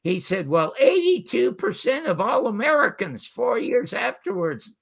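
An older man telling animated stories as a guest, quoting the people in them. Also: extremely high pitch, unhurried, gravelly. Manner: animated storyteller quoting others. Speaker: guest storyteller. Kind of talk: casual interview anecdotes.

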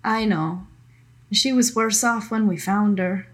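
Woman voicing a tired ship's doctor, husky voice, slow halting speech, full of pauses. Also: mid-range voice. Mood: hesitant. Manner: hesitant, halting, apologetic. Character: weary female ship's doctor, rough-edged.

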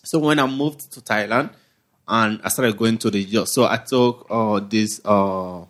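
A man's voice: fairly low pitch, measured pace, a bit bright. A man hosting a podcast, chatting casually with his guest in an easygoing way and laughing often. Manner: easygoing, laughs often, loose phrasing full of fillers. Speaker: podcast host. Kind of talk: casual interview chat.

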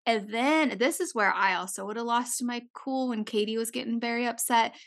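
A woman co-hosting a podcast in casual chat, expressive and swearing as she acts out quotes. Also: fairly high pitch. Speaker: podcast co-host.

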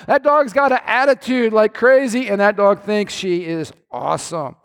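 A man preaching a sermon to his congregation, telling lively stories with playful asides. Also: sits high, normal speed, in a large hall. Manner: animated storytelling with playful asides. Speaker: pastor. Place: church sanctuary.

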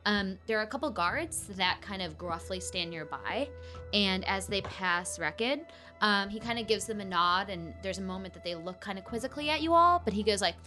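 A woman's voice: medium pitch, lively intonation, normal speed, bright, forceful tone, soft background music. A woman running a tabletop game as game master, narrating in a casual, rambling way full of fillers.

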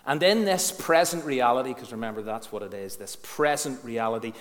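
A man's voice: mid-range voice, animated, fairly quick. A man preaching a sermon, earnest and frank, who asks his congregation questions and leans on key words. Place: church hall. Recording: echoey church hall.

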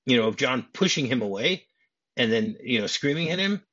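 A man's voice: medium pitch, expressive, brisk, a bit bright. A man guest on a podcast, casually recapping a film scene in detail with lots of "you know". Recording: dull lo-fi podcast audio.

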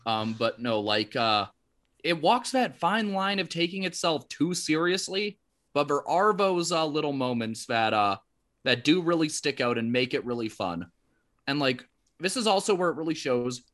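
A man with a fairly high voice chats casually on a podcast as co-host. He rambles through his stories with fillers and restarts. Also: lively intonation, moderate pace, a bit bright. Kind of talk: casual chat.

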